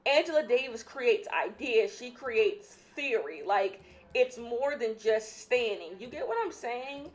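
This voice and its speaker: A woman's voice: on the high side, animated, a little slow. A young woman hosting a casual solo podcast, opinionated and emphatic, repeating her points, a bit out of breath. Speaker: podcast host.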